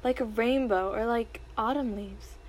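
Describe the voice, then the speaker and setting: A haughty storybook queen, proud and cold, who speaks with a high, bright lift, as a woman reading aloud puts her on. She sounds used to being obeyed. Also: measured pace.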